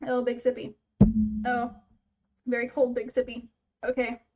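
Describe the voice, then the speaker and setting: A woman's voice: on the high side, completely flat delivery, a little slow, a little mellow. A woman streaming a game, chatting playfully and gushing over what she sees. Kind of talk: casual game stream commentary. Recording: game music playing behind.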